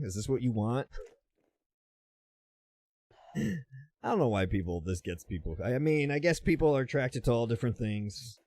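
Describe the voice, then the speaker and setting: A man's voice: mid-range voice, sing-song, moderate pace, long pauses, a little mellow, no echo. A man hosting a casual reaction video, teasing and chuckling at what he watches.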